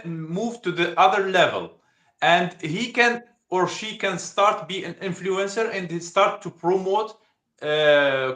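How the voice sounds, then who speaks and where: A man with an Algerian accent hosting a casual livestream chat, halting and searching for words with many restarts. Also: high voice, bright, forceful tone, reverberant. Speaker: livestream host.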